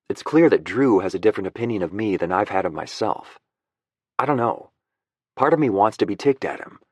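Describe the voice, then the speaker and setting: Male narrator, deep voice, wry casual first-person reading, self-deprecating. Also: no echo. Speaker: audiobook narrator.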